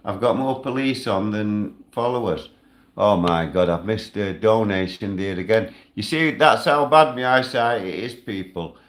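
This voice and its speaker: A man ranting and chatting on a livestream in broad northern dialect, with loud outbursts. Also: on the low side, normal speed. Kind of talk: angry livestream rant. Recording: echoey room.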